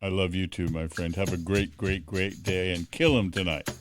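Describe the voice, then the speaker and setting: A middle-aged man hosting a podcast, talking with effusive warmth and stammering restarts. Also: sits low, flat delivery, normal speed, over music. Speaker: podcast host. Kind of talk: warm casual phone interview.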